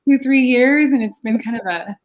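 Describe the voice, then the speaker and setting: A woman's voice: high voice, moderate pace. Woman on a video call chatting about her film, laughs a lot, says um a lot. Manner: giggly, lots of ums and laughs. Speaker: filmmaker guest. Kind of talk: casual interview chat.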